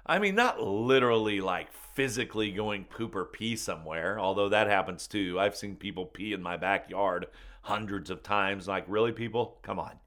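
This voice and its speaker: A man telling a funny personal story in a folksy, animated way, calling people man and buddy, with faint music behind him. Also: fairly low pitch, normal speed. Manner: animated, bursts into loud excited retelling.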